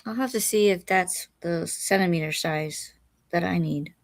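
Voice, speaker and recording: A woman's voice: fairly low pitch, normal speed, dry recording. A woman co-hosting a livestream, chatting casually with wry, offhand asides. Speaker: livestream co-host. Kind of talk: casual chat.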